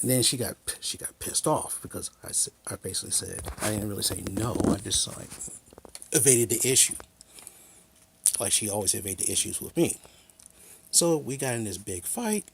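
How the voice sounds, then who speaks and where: A man's voice: fairly low pitch, expressive, moderate pace, gravelly, a bit bright, slight background noise. A man telling a personal story in a rambling, aggrieved rant, full of restarts and quotes of what others said. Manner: aggrieved and frank. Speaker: vlogger.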